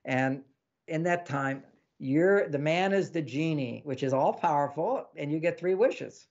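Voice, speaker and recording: Gravelly higher-voiced man giving relationship advice. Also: a little slow, muffled recording. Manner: animated, acts out little quoted exchanges and laughs often. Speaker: relationship author and podcast guest. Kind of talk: casual advice talk in an interview.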